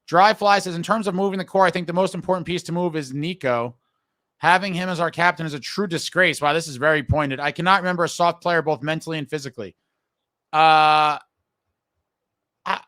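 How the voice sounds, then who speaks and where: Frustrated fan host, bright dry voice. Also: male voice, a little high, no room sound. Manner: frustrated, blunt, swears casually. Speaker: podcast host reading viewer comments. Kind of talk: casual live-stream talk.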